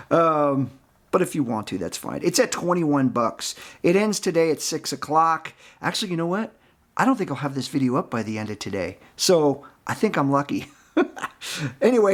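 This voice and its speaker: A man chatting casually about his baseball card collection, rambling and laughing often. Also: on the high side. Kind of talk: casual chat.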